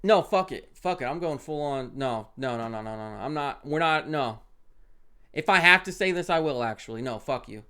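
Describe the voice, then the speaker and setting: A young man streaming a parenting game, reading its text aloud and reacting with loud outbursts and muttered asides. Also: mid-range voice, expressive, moderate pace, smooth.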